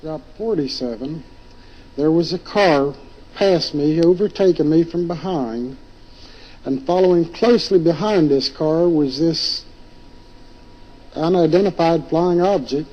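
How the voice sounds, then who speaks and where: A man describes what he saw as an eyewitness, slow and halting, correcting himself as he goes. The recording is dull and lo-fi like old archive tape, and his voice sits a bit high for a man. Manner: plain, halting, self-correcting. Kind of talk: recounting an encounter.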